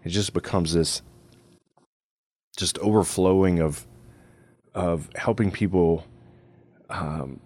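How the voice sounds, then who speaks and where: A man from Louisiana with a Cajun accent and a deep, darkish voice hosts a casual radio and podcast chat, recorded with no echo. He talks conversationally and rambles, saying "you know" a lot.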